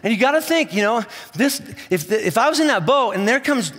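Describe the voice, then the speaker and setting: A man's voice: very high-pitched, big pitch swings, fairly quick, fairly bright tone. A man preaching a sermon, telling a story with playful asides and acting out voices. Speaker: pastor. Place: large church hall. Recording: church hall with long reverb.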